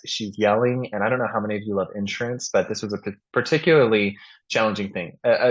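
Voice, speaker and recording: A man hosting a podcast, telling stories in a casual way and acting out the voices of the people in them. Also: on the low side. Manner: animated, acts out voices in his stories. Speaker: podcast host. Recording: dull, muffled lo-fi sound.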